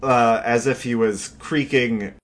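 A man at an ordinary middle pitch co-hosts a relaxed movie review chat. He rambles and thinks out loud, padding his points with filler words as he goes. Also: slow pace. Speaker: podcast co-host.

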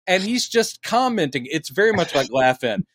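A man co-hosting a podcast tells a story in casual conversation, acting out the quotes. His voice is high-pitched, sing-song and fairly bright at a normal pace, and the studio recording is clean with no room sound.

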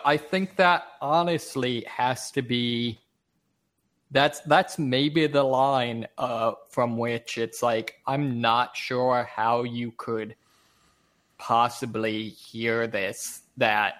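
A man's voice: mid-range voice, fairly even intonation, slow, a bit bright. A man co-hosting a casual podcast, speaking hesitantly and apologizing as he searches for words. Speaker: podcast co-host. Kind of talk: casual chat.

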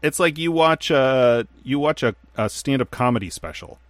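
A man co-hosting a casual podcast, telling stories in a rambling, animated way with lots of fillers. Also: mid-range voice, moderate pace, no echo. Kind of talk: casual chat.

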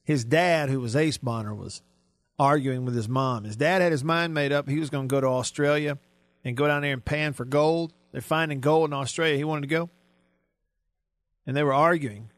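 An older man hosts a radio talk show and tells stories in a loose, jokey way, often trailing off and starting again. His voice sits a little high. The studio sound is dry and close. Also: normal speed, no echo. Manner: rambling, jokey storyteller. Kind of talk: casual radio chat.

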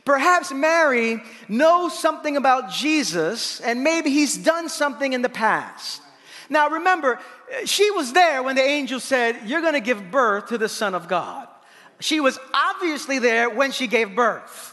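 A male pastor preaching a sermon in an animated, playful way, acting out the lines he quotes. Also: very high-pitched, measured pace. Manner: animated, playful preaching with laughs and voiced asides. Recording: long hall reverb.

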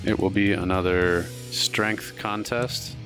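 A man with a very deep voice runs the tabletop game. He narrates combat in a playful, vivid way, with crude asides. Guitar music plays clearly behind him. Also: fairly even intonation, slow. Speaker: game master.

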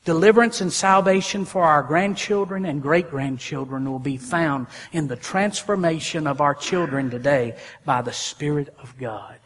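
A man delivers a folksy sermon in a fairly high voice. He builds to loud, ringing peaks and then drops to near-whispers. The sound carries a long reverb, as from a church sanctuary. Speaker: pastor.

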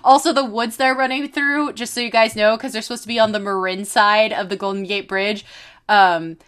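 A woman co-hosting a podcast, telling stories in an animated, sweary way with lots of fillers. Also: medium pitch, normal speed, clean tone. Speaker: podcast co-host. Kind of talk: casual chat.

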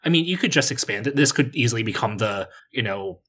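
A man with a husky, slightly breathy voice and a US East Coast accent, chatting on a podcast. He rambles, hesitates and restarts his thoughts as he works them out aloud. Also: mid-range voice, expressive, fast, fairly bright tone. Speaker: podcast co-host. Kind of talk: casual chat.

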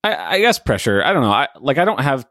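A man's voice: mid-range voice, very animated, fast talker, a bit bright, no echo, studio quality. A man hosting a podcast, thinking aloud in casual chat with hesitant restarts. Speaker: podcast host.

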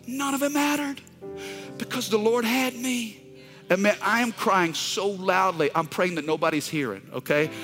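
A middle-aged pastor delivers his sermon in a voice pitched a little high for a man. He tells stories with open emotion and plenty of humor. Soft music plays quietly in the background. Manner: emotional, animated storytelling with humor.

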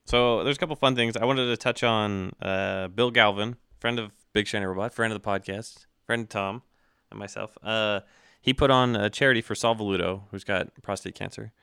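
A man's voice: lowish voice, steady tone, normal speed, creaky, fairly bright tone, clean tone, no room sound, studio quality. A man hosting a podcast in casual chat, telling rambling stories with many fillers and laughs. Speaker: podcast host.

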